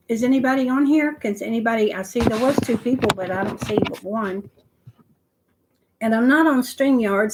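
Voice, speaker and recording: An older woman with a voice on the high side hosts a phone livestream, chatting casually, repeating herself and using lots of "you know" fillers. The recording quality is low.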